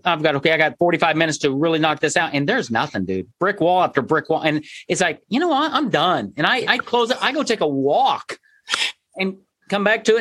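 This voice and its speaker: A man's voice: high voice, pushed and bright, slight background noise. A man hosting a podcast, chatting in a chummy, jokey way with his guest. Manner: chummy and jokey, calls guest buddy and dude. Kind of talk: casual chat.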